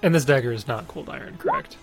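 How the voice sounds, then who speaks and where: A man's voice: fairly high pitch, wildly swooping pitch, fast, creaky, faint music behind. Matter-of-fact man running a game. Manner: matter-of-fact, explains rules. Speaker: game master. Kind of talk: narrating a tabletop game.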